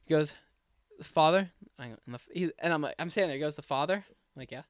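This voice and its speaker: Young man telling a story, slightly high voice. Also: rapid-fire, no echo, studio quality. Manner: animated, acts out both sides of a conversation. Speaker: podcast co-host. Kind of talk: casual storytelling.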